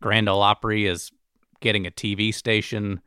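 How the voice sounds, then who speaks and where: A man hosting a podcast, measured and steering the discussion in casual chat. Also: lowish voice, flat delivery, bright, forceful tone, clean tone, no room sound, clean studio sound. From Alabama. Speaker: podcast host.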